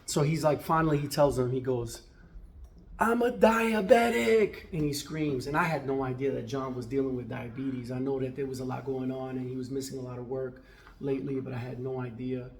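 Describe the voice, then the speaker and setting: Casual barber vlogger, gravelly voice, chatty and conversational, talking to camera in his shop. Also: medium pitch, little pitch movement, fast, a little hiss or hum. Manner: conversational, with frequent "right?" tags. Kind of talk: casual vlog talk.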